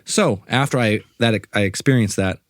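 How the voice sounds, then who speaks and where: A man's voice: lowish voice, moderate pace, no room sound, clean studio sound. A man co-hosting a podcast, telling a rambling, laid-back story. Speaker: podcast co-host. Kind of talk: casual storytelling.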